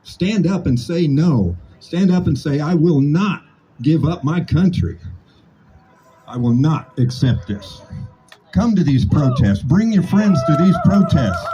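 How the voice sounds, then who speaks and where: A man's voice: fairly high pitch, sing-song, a little slow, mellow, faint music behind, rough recording. Older man giving an impassioned rally speech. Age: 60s. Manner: impassioned, repetitive rhetorical cadence. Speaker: protest speaker. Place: outdoor protest rally.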